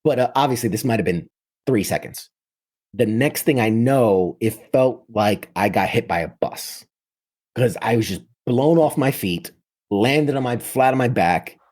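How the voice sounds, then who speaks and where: A man's voice: medium pitch, expressive, unhurried, a little mellow. A man in his thirties from New York City, a military veteran telling his story in casual talk, full of vivid detail and frequent restarts.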